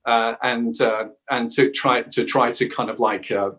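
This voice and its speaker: A middle-aged man, a voice actor and dialect coach, answering interview questions in a lively storytelling way. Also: medium pitch, a little slow. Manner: animated storyteller who slips into quoted voices.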